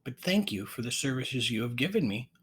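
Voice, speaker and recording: A man's voice: medium pitch, sing-song, fairly quick, a bit bright, slightly rough, heavily acted. A man doing a haughty, scheming witch. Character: scheming witch disguised as princess.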